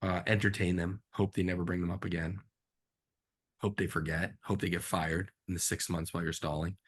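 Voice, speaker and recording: A man, a film director as guest, telling stories from his career in a casual, animated interview. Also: low voice, fairly quick, breathy edge. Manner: animated, acts out quotes in a raised voice.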